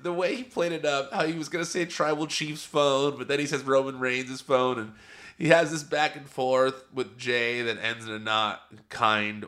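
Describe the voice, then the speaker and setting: Man, bright tense tone, casual recap commentary, chatty, enthusiastic. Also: mid-range voice. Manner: chatty and enthusiastic, rambling asides. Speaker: wrestling show reviewer.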